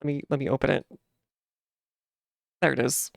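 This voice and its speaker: A woman's voice: rumbling low, level tone, moderate pace, creaky, dry recording, studio quality. A young woman chatting casually while playing a game, rambling with lots of fillers. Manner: rambling, many fillers and restarts, giggly.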